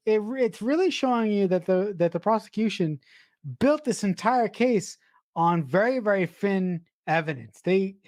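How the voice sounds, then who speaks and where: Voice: medium pitch, darkish tone, no room sound, clean studio sound. A podcast co-host casually discussing a film with enthusiasm, restarting phrases while thinking and swearing freely.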